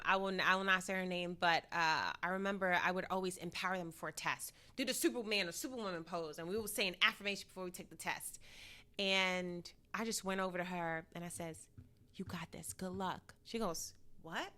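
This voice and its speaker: A woman's voice: on the low side, a little fast, pushed and bright. A woman hosting a podcast in casual conversation, emphatic and encouraging, with frequent affirming murmurs. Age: adult teacher, several years since first teaching. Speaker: podcast host.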